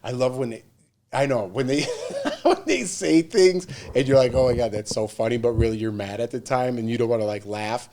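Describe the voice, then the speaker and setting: A young adult man co-hosting a casual chat, relaxed and joking as he shares advice and stories. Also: mid-range voice, normal speed, a little hiss or hum. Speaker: co-host.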